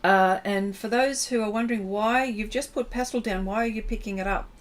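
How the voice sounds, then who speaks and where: A woman teaching a livestream painting demonstration, chatting with viewers as she works and pausing often to find her words. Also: mid-range voice. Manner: chatty, reads and answers viewer comments while working; halting, many fillers and restarts. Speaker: art instructor.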